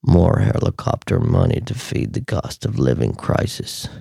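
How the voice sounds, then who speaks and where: A deep, solemn alter ego booms each line with slow, grave weight, as a man puts it on. The sound is dry and close, with no room around it. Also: huge pitch swings, gravelly, warm tone, no echo, heavily acted. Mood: ominous. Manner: slow, grave, dramatic reading.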